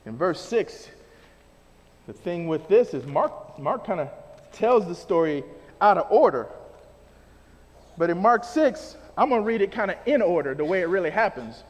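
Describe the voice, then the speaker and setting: High-voiced, animated male preacher. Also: long reverb tail. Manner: casual, animated preaching with slang. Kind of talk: sermon.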